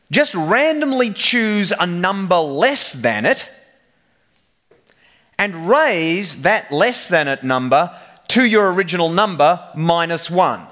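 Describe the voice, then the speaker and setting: Telling his story with a joker's flair, a man delivers a funny technical talk at a conference. He has a high, fairly bright voice.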